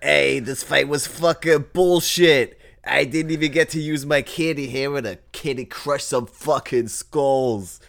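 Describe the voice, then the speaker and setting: Shouting gingerbread brawler, cursing, raised gravelly voice, a bit distant. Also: male voice, medium pitch, a little slow, hardly any pauses, voice pushed up. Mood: furious. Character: foul-mouthed brawling gingerbread man half.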